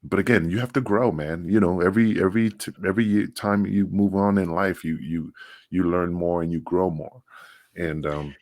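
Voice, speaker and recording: A man's voice: low voice, steady tone, moderate pace, a little mellow, no room sound, clean studio sound. A middle-aged man, a former wrestler co-hosting a podcast, talking bluntly and emphatically in casual conversation, cursing freely and often restarting his sentences.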